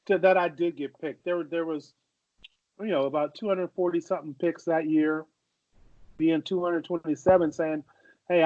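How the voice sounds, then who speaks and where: Man, 40s, podcast storyteller with a fairly high voice, dull dry lo-fi audio. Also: a little mellow, dry recording. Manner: anecdotal, repeats and restarts phrases. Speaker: podcast co-host, former football player. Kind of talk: casual storytelling chat.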